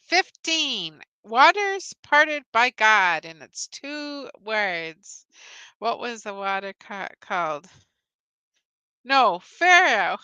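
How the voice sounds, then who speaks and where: A woman's voice: medium pitch, bright, forceful tone, clear, resonant tone, no echo. A woman hosting a live-stream Bible trivia game. She cheerfully greets viewers, reads out their answers and laughs often. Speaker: host.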